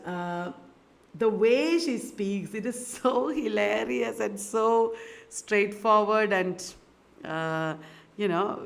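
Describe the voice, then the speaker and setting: A woman's voice: mid-range voice, a bit bright. A woman giving a literature lecture in a chatty way, often laughing and putting questions to her students.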